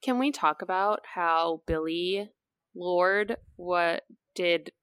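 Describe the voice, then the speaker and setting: Smooth-voiced young woman chatting casually. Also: on the low side, slow, dry recording. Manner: relaxed storytelling, laughs easily. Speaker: podcast co-host. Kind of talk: casual book discussion chat.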